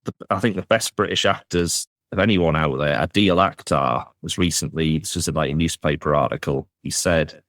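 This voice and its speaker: A male podcast host with an extremely deep, low voice puts his questions in a measured, halting way. The sound is close and dry, with no room around it. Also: fairly bright tone, dry recording. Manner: measured, hesitant, trailing "sort of". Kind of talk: interviewing a guest.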